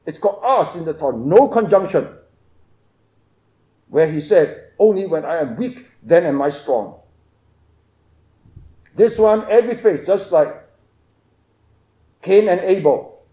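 A man delivers an expository sermon in a high, mellow voice. He is emphatic, swinging from loud stresses to hushed asides. The room adds a noticeable echo. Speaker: preacher.

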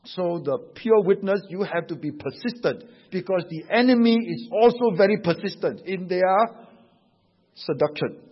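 Singaporean male preacher, raspy and rather high, telling lively church anecdotes; dull, echoey hall sound. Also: normal speed. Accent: Singaporean English. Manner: animated storytelling, tags with "huh?" and "you know". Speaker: pastor. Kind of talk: sermon with anecdotes.

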